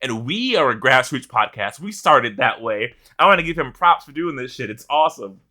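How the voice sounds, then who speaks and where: A man co-hosting a casual gaming podcast, telling an animated story with plenty of swearing and laughter. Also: medium pitch, normal speed. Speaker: podcast co-host.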